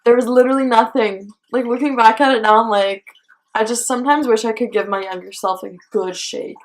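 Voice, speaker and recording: A woman's voice: fairly high pitch, fairly even intonation, fairly quick. A young woman vlogger telling a storytime in a chatty way, full of fillers and "like". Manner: chatty, filler-heavy, lots of "like". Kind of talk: casual storytime.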